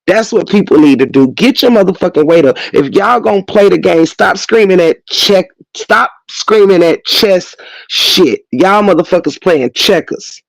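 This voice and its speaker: High-pitched guy going off on a cussing rant, slangy, mocking, dry room. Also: animated, normal speed, creaky, dry recording, rough recording. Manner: profane, slangy, blunt and mocking. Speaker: commentary host. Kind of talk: unscripted rant.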